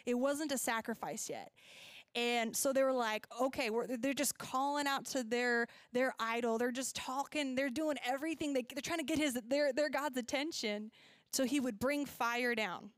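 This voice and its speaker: Woman children's church teacher, fairly high and smooth, chatty and laughing, dry close sound. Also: normal speed, dry recording. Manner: chatty, laughs often, self-correcting. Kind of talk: casual Bible lesson with props.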